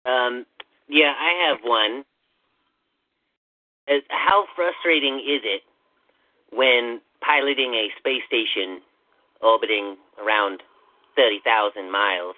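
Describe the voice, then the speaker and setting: A man hosting a comedy podcast in character as a ghost agent, rambling with halting restarts. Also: mid-range voice, dry recording. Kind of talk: comedic improv chat. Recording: dry tinny phone-like line.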